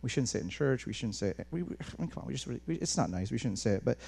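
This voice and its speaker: A male pastor preaching a sermon in an animated way, often restarting words and addressing the congregation directly. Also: medium pitch, rapid-fire, creaky, husky.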